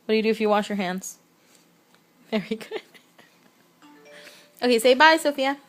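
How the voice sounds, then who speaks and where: A woman talking slowly and encouragingly to her toddler at home, praising each answer. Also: fairly high pitch, lively intonation, fairly bright tone, faint music behind. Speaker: mother. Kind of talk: baby talk with a toddler. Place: home, at a changing table. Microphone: camera recording.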